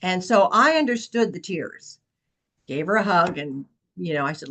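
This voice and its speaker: A woman's voice: lowish voice, animated, moderate pace, a bit bright, rough recording. A woman real estate agent presenting a webinar session, telling a long client story in an earnest, anecdotal way with frequent fillers.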